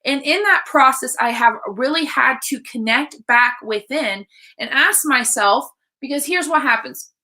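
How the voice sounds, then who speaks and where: A woman coach talking to viewers on a livestream, blunt and excited, swearing freely as she speaks. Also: high-pitched, a little slow. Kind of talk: casual live-stream talk.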